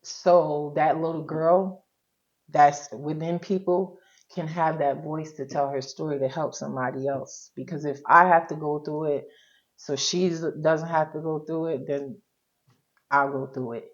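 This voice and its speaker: A woman with a deep, low voice tells her own story as an interview guest, candid and colloquial. She often acts out what she used to say. The recording sounds slightly dull and lo-fi. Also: fairly even intonation, a little slow. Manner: colloquial and frank, quotes her own past words. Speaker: interview guest, social worker.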